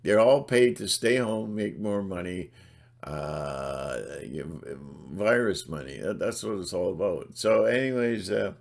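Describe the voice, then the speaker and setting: A man's voice: low voice, unhurried, vocal fry. A middle-aged man ranting in a blunt, sarcastic monologue, rambling with restarts and putting on mocking voices. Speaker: channel host.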